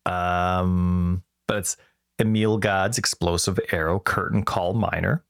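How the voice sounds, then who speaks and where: A man's voice: low-pitched, steady tone, takes it slowly, vocal fry, clear, resonant tone, no echo, clean studio sound. A man co-hosting a podcast in casual chat, telling rambling jokey stories. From Canada. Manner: rambling, joking storyteller. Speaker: podcast co-host.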